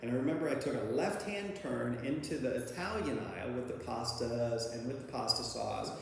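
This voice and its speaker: This man's mid-range voice has lively intonation and some vocal fry, moving at a normal speed over a slight hiss or hum. He rambles casually through a personal recovery story, restarting often, using plenty of fillers, and chuckling at himself. The hall he's in is very echoey, with a long reverb tail.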